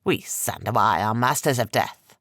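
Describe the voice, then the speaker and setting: A man voicing an ancient, menacing sorcerer with slow, heavy, rasping speech for an audiobook. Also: lowish voice, animated, bright, forceful tone, no echo, clean studio sound, full character voice.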